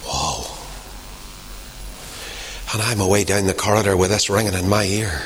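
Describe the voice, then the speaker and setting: A man preaching a sermon, swinging from loud emphasis to hushed whispers. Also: low voice, moderate pace, long pauses.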